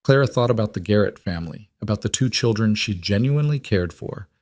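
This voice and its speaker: Low-voiced man narrating a storybook. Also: lively intonation, fairly quick, a little mellow, no room sound, studio quality.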